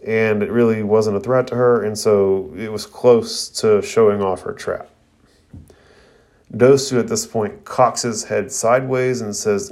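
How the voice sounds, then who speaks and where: A man's voice: fairly low pitch, steady tone, unhurried, a little mellow. A man retelling a cartoon episode in a casual review, with fillers. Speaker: anime reviewer.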